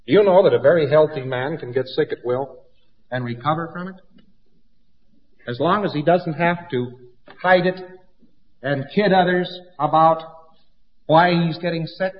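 A man lecturing in an emphatic, folksy style who acts out small anecdotes as he goes. His voice sits fairly high. The old, dull recording carries a long hall reverb.

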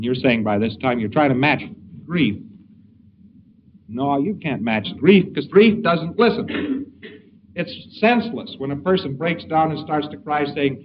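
A man's voice: fairly high pitch, normal speed. A man giving an informal lecture in a wry, digressive way, acting out the quotes he gives. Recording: dull distant recording with faint hiss.

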